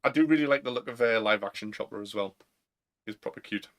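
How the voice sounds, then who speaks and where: A man's voice: medium pitch, fast talker. A man with a Northern English accent, co-hosting a casual podcast chat, who talks in slang and laughs often. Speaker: podcast co-host.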